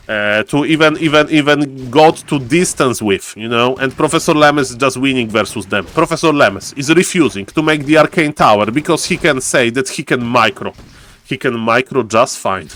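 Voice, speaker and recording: A man's voice: medium pitch, a bit bright. A man casting a live strategy game on stream, a showy announcer who keeps repeating his catchphrases and greets chat by name. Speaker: esports caster and streamer.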